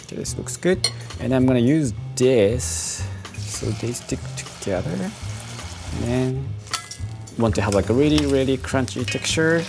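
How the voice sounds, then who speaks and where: A man, a professional chef, calmly talking through each step as he cooks. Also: medium pitch, a little slow. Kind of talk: casual cooking narration. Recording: faint music in the background.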